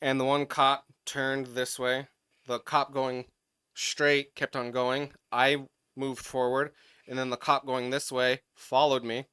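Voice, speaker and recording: A man co-hosting a podcast, telling a story in casual chat, animated and profane, getting loud as he retells it. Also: medium pitch, slow pace, smooth, no echo, clean studio sound. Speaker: podcast co-host.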